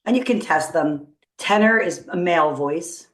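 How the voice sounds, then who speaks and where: A woman teacher talks through a coding tutorial in a fairly low voice, upbeat and encouraging as she thinks aloud. The room rings around her with a noticeable echo. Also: normal speed. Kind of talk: screen-recorded coding tutorial. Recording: roomy echo.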